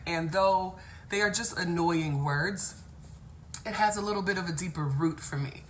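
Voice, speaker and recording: A woman's voice: on the low side, normal speed, slight background noise. A woman from Cincinnati hosting a casual live stream who laughs often and greets viewers by name as she reads their comments. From Cincinnati, Ohio. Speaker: host.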